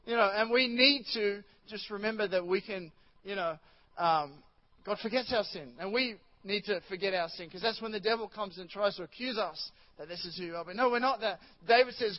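A man's voice: high-pitched, moderate pace, dull audio. A male pastor preaching a chatty sermon in church, rambling with many restarts and asides to the congregation.

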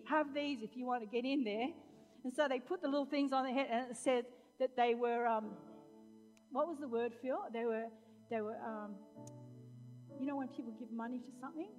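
High-voiced woman preaching in an echoing hall. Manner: preaching, swinging from loud proclamation to chatty storytelling. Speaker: pastor. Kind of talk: sermon. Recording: long hall reverb, faint music.

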